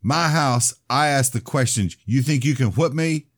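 A man's voice: on the low side, lively intonation, measured pace, a little mellow, no echo, voice pushed up. A man voicing a smug, hostile teenage boy in an audiobook, taunting and crude, in a dry recording. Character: smug hostile teenage male bully cousin.

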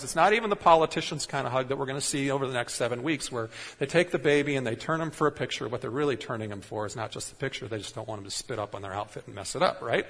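A man's voice: medium pitch, a little fast, a bit bright, husky. A man pastor delivering a conversational sermon, putting rhetorical questions to the congregation. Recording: long reverb in a large hall.

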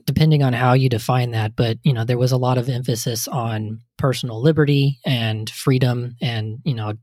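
A man's voice: mid-range voice, steady tone, normal speed, a little mellow, dry recording, studio quality. A man in casual political chat, speaking hesitantly with frequent "you know" and "um.".

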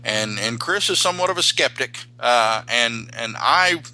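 A man's voice: mid-range voice, animated, normal speed, bright, forceful tone, poor audio. A man co-hosting a casual podcast chat, rambling with many restarts and fillers. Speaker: podcast co-host.

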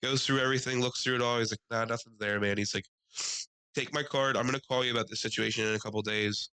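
Bright-voiced storytelling man. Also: fast, clear, resonant tone, no echo, poor audio. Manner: animated, acts out quoted people in higher voices. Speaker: podcast co-host. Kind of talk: casual storytelling chat.

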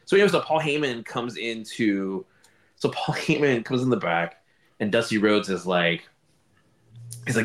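Animated low-voiced man chatting. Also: moderate pace, long pauses. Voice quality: animated, stammering restarts, lively storyteller. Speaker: podcast host. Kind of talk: casual chat.

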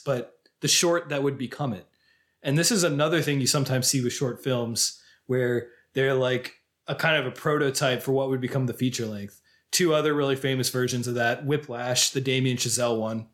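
A man's voice: mid-range voice, a bit bright. A man co-hosting a podcast, chatting casually about films and laughing easily. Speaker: podcast co-host. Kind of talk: casual film chat.

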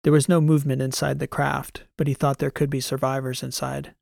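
Gravelly man narrating a sci-fi audiobook. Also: medium pitch, no room sound, clean studio sound. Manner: measured, even storytelling. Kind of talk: scripted narration.

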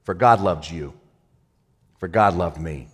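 Excitable pastor, a man preaching casually. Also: sits low, slow pace, breathy edge. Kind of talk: sermon.

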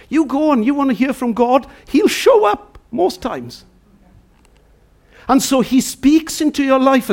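Animated high-voiced male preacher. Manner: animated, swings between shouting and hushed tones; chatty with the congregation, asks them questions. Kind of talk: sermon with storytelling. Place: church.

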